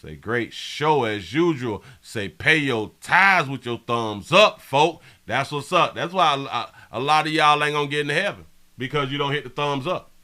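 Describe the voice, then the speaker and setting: Guy on a livestream reading chat, brash and cussing, bright voice. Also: mid-range voice, expressive, moderate pace. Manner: brash, profane, swings from mumbling to yelling. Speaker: live show host. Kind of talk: casual live-stream chat reading comments.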